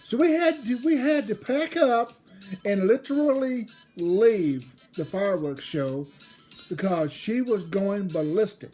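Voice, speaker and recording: A woman telling a family story in a rambling, casual way, getting loud and excited as it builds. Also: mid-range voice, measured pace. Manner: rambling, restarts, grows loud and excited in the retelling. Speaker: storyteller host. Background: faint background music.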